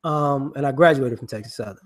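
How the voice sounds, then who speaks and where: A man giving casual, rambling monologue commentary in slangy speech, filled with "you know" and quick acted-out voices. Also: mid-range voice. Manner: acts out people he mocks with quick voices.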